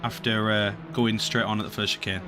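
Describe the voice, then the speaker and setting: A man commentating a sim race, calling positions and getting excited at incidents. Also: fairly low pitch, over music. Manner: excitable, calls positions quickly.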